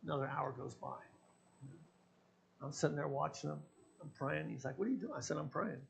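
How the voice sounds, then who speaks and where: A man's voice: on the high side, flat delivery, moderate pace, gravelly. A man, a pastor, preaching a sermon and telling personal stories, acting out the dialogue in them. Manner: storytelling, acting out his own quoted dialogue.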